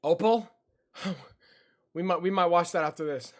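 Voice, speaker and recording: With a high-pitched voice at normal speed broken by long pauses, a young streamer chats casually to his audience. He speaks directly to chat, goes over the same lines again, and is easily spooked.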